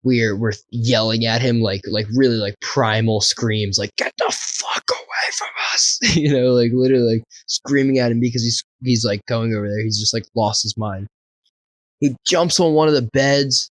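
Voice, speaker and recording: A man in the middle of a casual story, peppering it with curses and chuckles. His voice sits at an ordinary middle pitch. The sound is dry and close, with no room around it. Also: moderate pace, no echo, low-quality recording. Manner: profane, laughing, animated anecdote. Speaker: podcast co-host.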